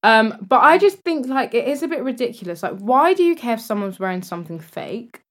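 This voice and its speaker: A young woman co-hosting a casual podcast, excitable with sarcastic asides. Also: on the high side, a little fast. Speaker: podcast co-host. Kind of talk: casual chat.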